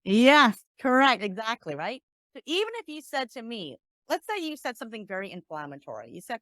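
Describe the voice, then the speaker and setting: A woman's voice: fairly high pitch, fairly quick, no room sound, clean studio sound. A woman mediator and negotiation coach talking in a podcast interview, acting out sample exchanges as she explains. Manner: animated, acts out example dialogues.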